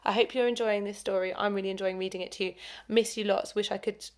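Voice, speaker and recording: A woman primary school teacher reading a story aloud to children, expressive and dropping into whispers for the asides. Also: mid-range voice, quick pace.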